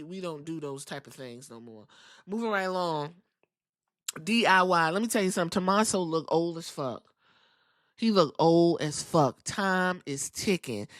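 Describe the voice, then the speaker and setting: A woman hosting a podcast, recapping a show in casual commentary with a blunt, profane, animated delivery. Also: lowish voice, dry recording, studio quality. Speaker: podcast host.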